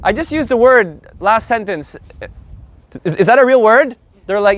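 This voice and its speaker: High-voiced, animated man teaching Spanish. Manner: animated, joking, repeats words slowly for learners. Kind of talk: live online language lesson.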